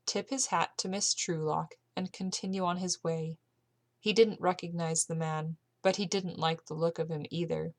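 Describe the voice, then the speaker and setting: A woman reading an amateur audiobook aloud, steady but with occasional slips and self-corrections. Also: lowish voice. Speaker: audiobook reader.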